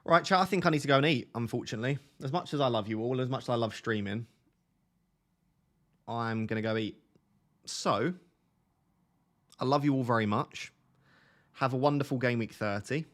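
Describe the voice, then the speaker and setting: A man's voice: mid-range voice, normal speed, pauses often, a bit bright. Young essex guy, easygoing stream host, close desk mic, answers chat off the cuff. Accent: Essex English. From Essex, England. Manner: chatty, reads and answers viewer chat. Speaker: livestream host. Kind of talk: casual live stream chat. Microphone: close desk microphone.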